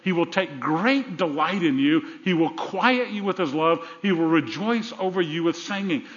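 An older man preaching a sermon to a congregation, lively and conversational, dropping to a soft whisper for tender lines. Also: on the high side, moderate pace. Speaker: pastor. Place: church sanctuary. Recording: muffled sound with long reverb in a large hall.

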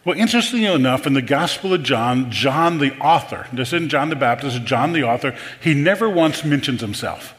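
A man's voice: medium pitch, lively intonation, moderate pace, hardly any pauses, a bit bright. Pastor guy preaching, chatty, asks the crowd stuff, lots of reverb from a big hall. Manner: conversational, repeats words, asks the audience questions. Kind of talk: sermon.

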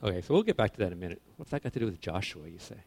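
A man preaching a casual sermon to young people, animated, swinging between loud emphasis and quiet asides, often correcting himself. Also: sits low, very fast, gravelly, husky. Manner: casual, self-correcting, informal phrasing.

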